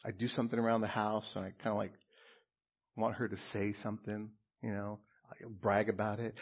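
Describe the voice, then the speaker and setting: A man preaching a sermon as a pastor, earnest and emphatic, with pauses and repeated phrases. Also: on the low side, little pitch movement, lo-fi sound.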